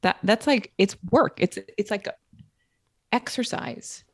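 A woman's voice: mid-range voice, unhurried, breathy edge, no echo, studio quality. A woman co-hosting a podcast in casual chat, upbeat and encouraging, with lots of filler words. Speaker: podcast co-host.

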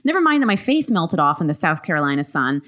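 A woman podcast co-host reading a listener's story aloud, animated and laughing often. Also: low voice, quick pace.

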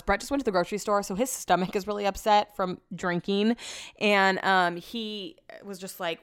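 A woman's voice: medium pitch, brisk, no echo, clean studio sound. A young woman hosting her own podcast, rambling in casual chat with lots of fillers and restarts. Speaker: podcast host. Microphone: podcast mic.

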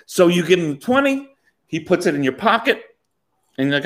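Man, animated storyteller with a fairly high, swooping voice. Casual anecdote, quotes people, frequent laughs. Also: moderate pace.

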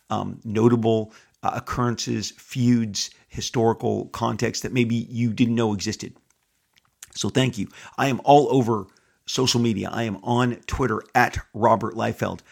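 Gravelly, husky man hosting a podcast. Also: lowish voice. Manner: enthusiastic, rambling, many restarts. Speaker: podcast host. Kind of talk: casual podcast monologue. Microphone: studio microphone.

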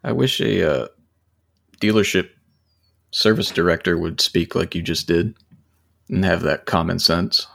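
A man with a low, gravelly voice who speaks very slowly as a podcast guest. He is hesitant and halting, with pauses between his words. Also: bright, forceful tone. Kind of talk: casual podcast conversation.

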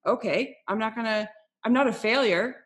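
Woman podcast host, higher register, upbeat and chatty. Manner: upbeat, chatty, quick to laugh. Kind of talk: casual podcast chat.

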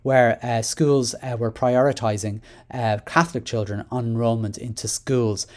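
A man's voice: medium pitch, fairly even intonation, normal speed, darkish tone. Chatty Irish man hosting a podcast. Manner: chatty, many fillers and restarts. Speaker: podcast host. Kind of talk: solo education podcast commentary.

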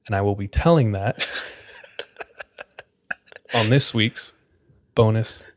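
This male podcast host speaks slowly in a lowish voice while recounting a spooky story in an easygoing way. "Like" pops up constantly as he goes.

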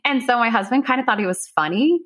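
A woman's voice: fairly high pitch, fast. A young woman guest telling a personal story in a casual interview, joking her way through it. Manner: jokey, self-deprecating, animated.

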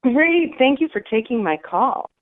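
A woman's voice: high voice, sing-song, measured pace, no echo, phone-quality sound. A woman calling in to a radio show, earnestly asking a personal question. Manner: earnest, searching. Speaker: caller. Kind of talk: phone-in question.

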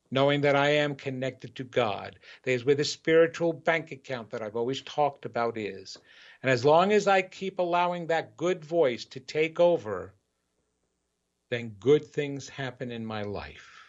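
An earnest man delivers a motivational spiritual talk as a show host, circling back to key phrases for emphasis. His mid-pitched voice comes through a dull, lo-fi recording. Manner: earnest, repetitive, building emphasis.

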